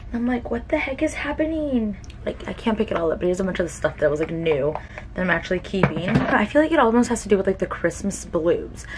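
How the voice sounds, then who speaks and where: A young woman with a slightly low voice chats to her camera at home in a casual vlog. She talks with feeling and leans on "like" as a filler, with a faint hum of room noise behind her. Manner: chatty, emotional, many "like" fillers. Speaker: beauty vlogger.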